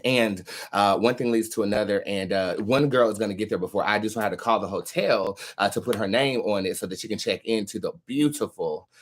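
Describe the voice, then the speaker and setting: A man's voice: lowish voice, a little fast, few pauses. A man hosting a tarot live stream, chatting casually and telling stories to his viewers with frequent ums and uhs. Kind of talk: casual chat to a live audience.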